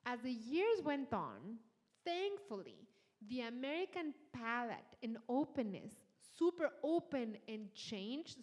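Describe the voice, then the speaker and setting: A middle-aged woman with a Mexican Spanish accent talks eagerly on stage, repeating words and restarting her sentences as her ideas tumble out. Her voice sits fairly high. A long hall reverb trails behind each phrase. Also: a little mellow. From Mexico City. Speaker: chef and TV host as guest. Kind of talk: onstage conversation. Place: large hall with an audience.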